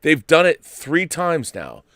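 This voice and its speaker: Bright, ranting man hosting a late-night stream. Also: on the high side, huge pitch swings, slow, dry recording, clean studio sound. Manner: ranting, profane, loud bursts. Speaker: host.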